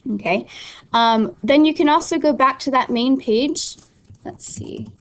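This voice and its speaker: High-pitched and measured, a young adult woman teaches Spanish through a screen-recorded walkthrough. She explains the online study tool one step at a time, relaxed and instructive, peppered with ums and restarts.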